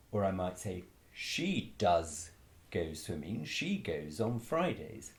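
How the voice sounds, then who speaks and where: A man with a somewhat low voice explains grammar in a lesson, slowing down to say each example sentence with care. His voice sounds echoey, as if recorded in a room with hard walls. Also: darkish tone. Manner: slow deliberate spoken examples. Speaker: Latin and grammar teacher.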